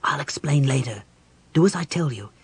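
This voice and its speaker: A man's voice: on the high side, moderate pace, slightly rough. A man reading an audiobook voicing a cold black-robed male wizard who whispers urgent orders.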